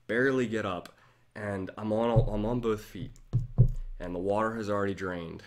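A man's voice: on the low side, moderate pace. A man hosting a casual livestream, animatedly telling a dramatic story to his chat. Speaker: livestream host.

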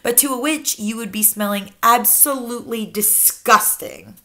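A woman's voice: fairly high pitch, normal speed, sharp tone. A woman reading aloud the part of a stern, wise old grandmother, in a firm, matter-of-fact way. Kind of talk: children's book read-aloud.

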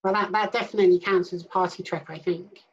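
A woman's voice: on the low side, fairly even intonation, quick pace, slightly rough, lo-fi sound. A woman hosting an interview show, chatting casually and joking at her own expense. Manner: playful, self-deprecating. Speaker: host.

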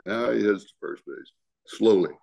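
A man's voice: on the low side, animated, moderate pace, gravelly, a little mellow. An older man, a retired ballplayer, telling profane stories in a casual interview and chuckling often. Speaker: retired baseball pitcher.

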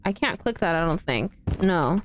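A woman with a lowish, expressive voice live-streams a horror game, bantering playfully with chat while she plays. She talks at a normal speed over a noisy background.

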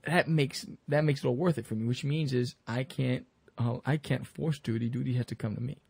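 A man's voice: mid-range voice, fairly even intonation, brisk, vocal fry, a little mellow, husky, no room sound. A man, a comic creator talking in a casual podcast roundtable, rambling through stories with many restarts.

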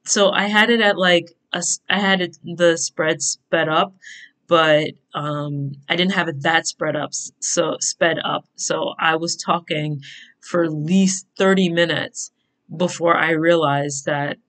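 In this relaxed plan-with-me video, a young woman talks through her bullet journal setup, drifting off on tangents and giggling. Her deep voice is steady, unhurried and fairly bright, picked up by a desk mic at a computer.

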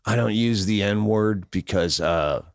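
A man imitating a middle-aged male comedian, speaking slowly and hesitantly with many pauses. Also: on the low side, creaky, no echo, studio quality, voice pushed down. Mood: sheepish.

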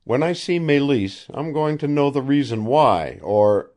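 A cocky young engineer, daring and mocking, as a male reader puts him on. His lines come out raised and lively, swinging widely in pitch, decisive and loud. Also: measured pace, lightly acted.

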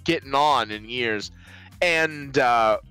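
A podcast co-host casually reviewing a movie, acting out scenes with loud, playful screams. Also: medium pitch, slow, clean tone, soft background music.

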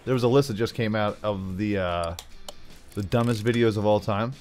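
A man's voice: lowish voice, normal speed, darkish tone, faint music behind. A man giving casual, rambling commentary over a game, full of playful asides. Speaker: gaming YouTuber.

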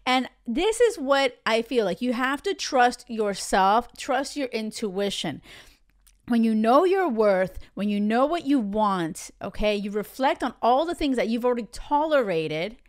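A woman's voice: fairly high pitch, big pitch swings, measured pace. A woman in her thirties hosting a podcast as a relationship coach, talking bluntly and emphatically and swearing freely. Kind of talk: casual podcast monologue.

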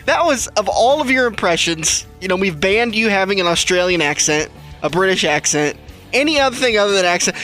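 A young man hosts a radio racing talk show, rambling and joking with lots of fillers. His voice sits high and sounds bright. Faint music plays in the background. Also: lively intonation, a little fast. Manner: rambling, jokey, with frequent fillers. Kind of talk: casual radio chat.

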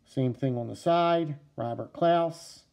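A man with a New Jersey accent, talking casually to camera about his knife collection, halting with many fillers and restarts. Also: medium pitch, gravelly, darkish tone.

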